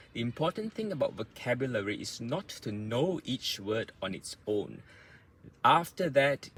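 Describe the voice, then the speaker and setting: This Australian man, an English language coach, repeats words slowly so learners can hear the stress in a patient pronunciation lesson. His pitch is on the low side, the tone fairly bright, with a little hiss or hum.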